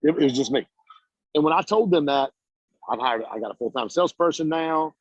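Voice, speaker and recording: Man, motivational speaker, slightly high husky voice, blunt and casual, dry dull call audio. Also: brisk, no room sound. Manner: energetic, preachy storyteller, casual and blunt. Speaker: guest speaker, business coach. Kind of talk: motivational talk on a video call. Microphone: video call.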